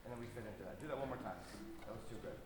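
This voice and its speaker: A man's voice: mid-range voice, rapid-fire, noisy background. A man conducting an orchestra rehearsal, counting in and singing phrases to show how they go. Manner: energetic, counts in and scats the phrases. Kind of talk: rehearsal instruction. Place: concert hall stage. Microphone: distant room mic. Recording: echoey hall from far off.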